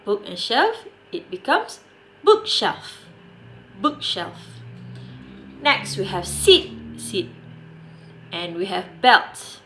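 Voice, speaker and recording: A woman's voice: medium pitch, sing-song, slow pace, a bit bright, a little hiss or hum. A young woman with a Malaysian English accent teaching a grammar lesson online. She stresses key words and sometimes switches into Malay. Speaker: primary school English teacher.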